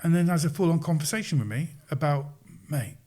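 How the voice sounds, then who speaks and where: A man guest on a podcast, telling stories in an animated, casual way and acting out quoted voices. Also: a little high, fast talker. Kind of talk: casual storytelling.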